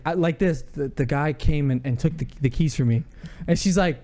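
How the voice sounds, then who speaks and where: Male podcast co-host with a high voice; animated, laughing storyteller. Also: fairly quick. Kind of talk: casual chat.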